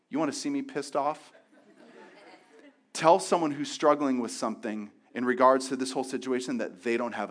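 A man who is a pastor, giving a sermon candidly, with frequent restarts and repeated words. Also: mid-range voice.

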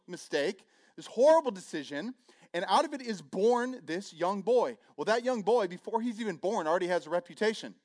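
Middle-aged male pastor, slightly higher voice, lively sermon delivery, acts out characters, self-deprecating humor.

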